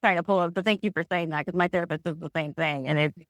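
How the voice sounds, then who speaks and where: A woman's voice: lowish voice, fast talker, no echo. Candid woman guest, dry sound. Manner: candid, reflective, frequent restarts. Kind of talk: podcast interview.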